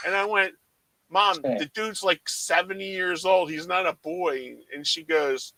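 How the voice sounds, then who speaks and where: A man's voice: sits high, a little slow, creaky, no echo, rough recording. A man from South Jersey telling a long story in casual chat, acting out his mother's lines as a co-host. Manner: animated storyteller who acts out his mom's lines. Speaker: watch party co-host.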